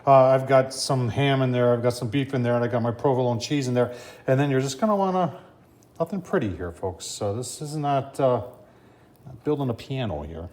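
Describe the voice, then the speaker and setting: A man's voice: mid-range voice, fairly quick, a little mellow. A man hosting a casual cooking vlog, talking folksy and chatty and often addressing viewers as folks. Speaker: cooking channel host.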